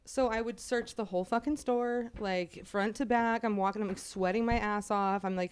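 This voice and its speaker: Podcast co-host, woman in her 30s, swears a lot, lively storyteller who laughs easily. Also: mid-range voice, clean tone. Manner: profane, animated, quick to laugh. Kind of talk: casual storytelling chat.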